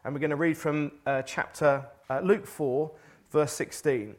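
A man preaches a casual, conversational sermon, posing rhetorical questions to the room, reading scripture aloud, and occasionally restarting. His voice is fairly high with a steady tone, and he goes a little slowly.

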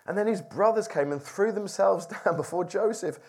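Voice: medium pitch, normal speed, hardly any pauses, darkish tone. A preacher teaching a Bible passage informally to a group, reading aloud and asking the audience questions in a conversational way.

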